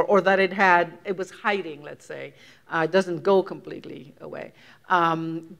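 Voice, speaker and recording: Puerto Rican-born older woman, reflective lecture. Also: on the high side. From Puerto Rico. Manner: reflective, laughs often, many restarts and fillers. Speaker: guest author giving a lecture. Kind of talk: conversational lecture.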